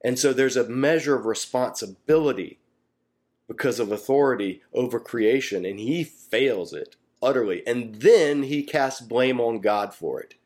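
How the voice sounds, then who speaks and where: A man's voice: medium pitch, a little slow, a little mellow. A man teaching through a Bible passage in a casual, conversational way, animatedly acting out the people he quotes.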